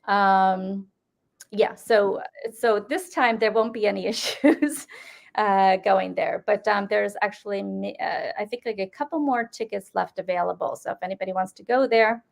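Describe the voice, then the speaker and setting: A woman with an upstate New York accent blended with Boston speech co-hosts a casual chat. Her voice has a gravelly edge, and she talks loosely, with many fillers and restarts. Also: mid-range voice, fairly even intonation, normal speed. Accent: upstate New York with a Boston mix. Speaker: paranormal event organizer and co-host.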